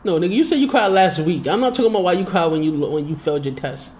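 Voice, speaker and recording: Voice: medium pitch, animated, quick pace, a little mellow. A podcast co-host in casual chat, blunt, playful and slangy.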